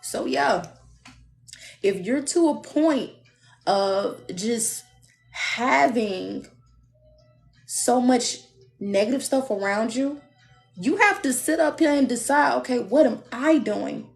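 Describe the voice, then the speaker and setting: Blunt, animated woman, giving a live reading on a phone mic over faint music. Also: a little high, takes it slowly, vocal fry, pauses often. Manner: blunt, animated advice with playful asides. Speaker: tarot reader. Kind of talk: live-streamed love reading.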